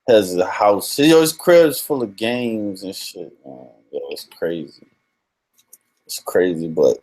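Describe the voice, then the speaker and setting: A man's voice: mid-range voice, mellow. A young man chats on a live stream in easygoing slang, with a mid-range voice. He laughs a lot and calls out hellos to viewers as they drop in. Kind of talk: casual live-stream chat.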